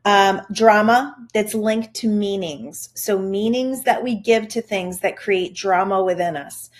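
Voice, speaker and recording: A woman's voice: medium pitch, steady tone, measured pace. A middle-aged woman hosting a parenting podcast, giving an upbeat, chatty motivational talk aimed straight at the listener. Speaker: podcast host, parenting coach. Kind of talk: casual motivational monologue.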